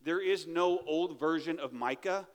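A man's voice: a little high, a little slow. Man preaching in a reverberant church hall. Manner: conversational preaching, asks "right?" often. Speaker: pastor. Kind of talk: sermon. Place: church sanctuary.

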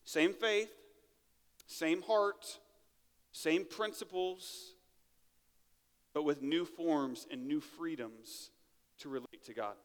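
A pastor with a fairly high voice preaches a sermon slowly, with long pauses, in a reverberant church sanctuary. His style is conversational, and he asks "right?" often.

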